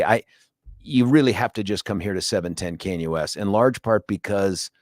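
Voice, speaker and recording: A middle-aged man hosting a talk radio show with a lively, swinging pitch. He talks in an animated, jokey way into a dry studio microphone. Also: no echo. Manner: animated, jokey, does quick impressions.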